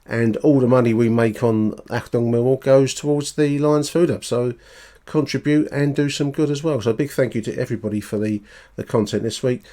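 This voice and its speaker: A man hosting a podcast in a relaxed, casual way, with plenty of ums. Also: medium pitch, fairly quick. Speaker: podcast host.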